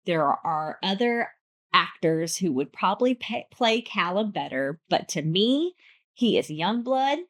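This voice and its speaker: A woman hosting a podcast, reviewing a book in a bubbly, playful, chatty way with lots of asides. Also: medium pitch. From United States. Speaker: podcast host. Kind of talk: casual book review chat.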